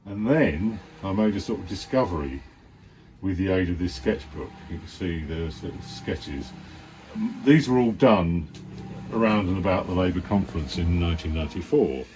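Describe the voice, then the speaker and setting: Low-voiced rambling man. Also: expressive, normal speed, darkish tone, a little hiss or hum. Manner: rambling, mumbling asides, swears, chuckles. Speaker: cartoonist. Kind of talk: casual talk about his sketches. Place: his studio.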